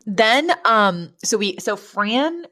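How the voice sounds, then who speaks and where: A woman's voice: a little high, takes it slowly. Giggly woman podcast co-host. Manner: animated, laughs often, acts out characters' lines. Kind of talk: casual podcast chat recapping a sitcom.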